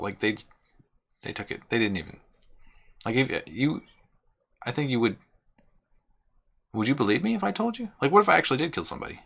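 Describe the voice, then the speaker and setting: A man's voice: mid-range voice, big pitch swings, fairly quick, creaky, pauses often, fairly bright tone. A man co-hosting a casual podcast chat, thinking aloud in a hesitant, musing way. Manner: musing, hesitant, lots of "like" fillers. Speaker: podcast co-host.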